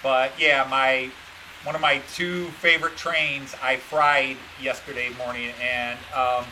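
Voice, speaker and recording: A man's voice: medium pitch, fairly even intonation, a little slow, bright, forceful tone, a little hiss or hum, poor audio. A man chatting casually on a live stream about his model trains, rambling and dejected, blaming himself. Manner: rambling and meandering, dejected and self-critical.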